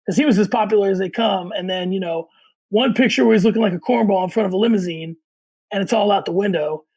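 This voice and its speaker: Male podcast co-host, high and gravelly, opinionated and runs the show. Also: quick pace, a little mellow, poor audio. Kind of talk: casual sports chat.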